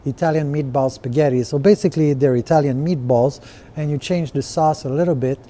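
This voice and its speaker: Man with a dark, mellow voice. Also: on the high side, brisk. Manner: conversational, many fillers and rhetorical "right?". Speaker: restaurant owner podcaster. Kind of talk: casual explanatory walkthrough.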